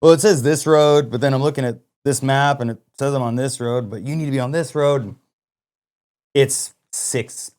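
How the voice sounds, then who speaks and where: A man co-hosting a podcast, telling a hunting story in casual chat, animated and full of "like" and acted-out dialogue. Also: medium pitch, moderate pace. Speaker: podcast co-host.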